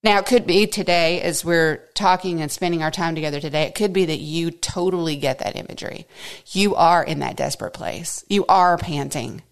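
A woman's voice: on the low side, moderate pace. A woman hosting a devotional podcast, teaching through a psalm in an earnest, conversational way and asking listeners direct questions. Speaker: podcast host teaching scripture.

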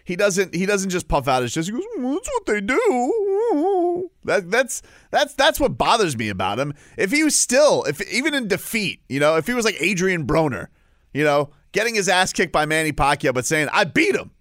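Sports radio co-host, male, ranty and playful, animated delivery, dry studio sound. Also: fairly high pitch, fairly quick, dry recording. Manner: animated, mock-outraged, ranting. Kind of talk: casual sports banter.

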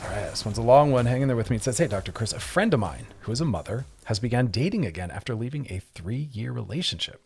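A man's voice: medium pitch, lively intonation, quick pace, few pauses, darkish tone, slight background noise. A man hosting a radio advice show, explaining in an earnest way and often acting out short quoted exchanges. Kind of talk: casual advice talk on radio.

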